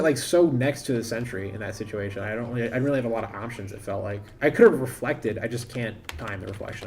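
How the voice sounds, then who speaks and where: A man's voice: on the low side, slight background noise. Rambling man streaming a game. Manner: rambling, thinking aloud, self-interrupting. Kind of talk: casual live-stream commentary.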